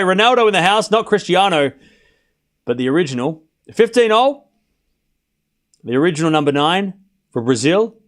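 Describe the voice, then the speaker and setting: A man hosting a live tennis watchalong stream, calling each point and cracking jokes in asides. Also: high voice. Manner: excitable, joking asides between points. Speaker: watchalong host and commentator. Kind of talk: live play-by-play stream commentary.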